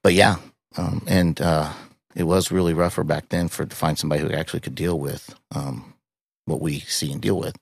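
Deep gravelly middle-aged man, halting and raw. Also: fairly even intonation, no room sound, studio quality. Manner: raw, halting, swears often, with many restarts and fillers. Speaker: podcast guest. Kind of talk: emotional personal storytelling.

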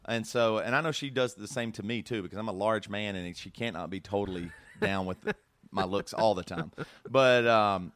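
A man's voice: fairly low pitch, normal speed, fairly bright tone. A man hosting a casual podcast, talking earnestly and emotionally with many restarts. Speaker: podcast host.

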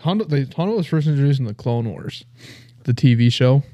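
A man's voice: medium pitch, lively intonation, fairly quick, dark tone. A man co-hosting a casual podcast chat, eagerly explaining details like a keen fan. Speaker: podcast co-host.

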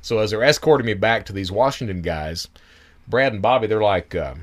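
A man hosting a podcast, telling his own story in an animated, profane, chuckling way. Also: on the low side, brisk. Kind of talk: casual storytelling.

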